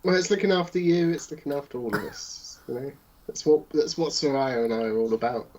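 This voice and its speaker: A man's voice: a little high, a little fast, darkish tone, slight background noise, poor audio. A man playing a tabletop role-playing game, talking wryly with hesitant restarts and frequent chuckles. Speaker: player. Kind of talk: tabletop role-play banter.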